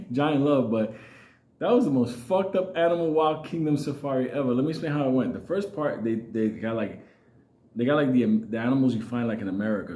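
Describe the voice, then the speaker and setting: A man with a New York accent spins a casual, swearing-heavy comic story, chuckling between lines. His voice is mellow and dark, and it rings a little in an echoey room. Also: mid-range voice. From New York City. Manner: profane, laughing, comic exaggeration.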